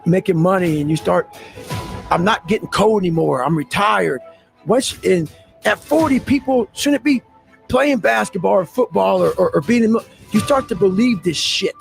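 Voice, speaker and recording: A man's voice: high-pitched, vocal fry, darkish tone. A man in his forties giving an intense, profane motivational speech. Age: 40s.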